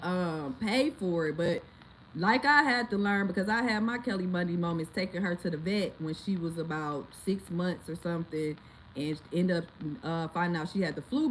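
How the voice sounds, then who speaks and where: Woman vlogger, animated storyteller with dramatic outbursts, faint noise behind. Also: on the low side, low-quality recording. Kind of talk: casual storytelling to viewers.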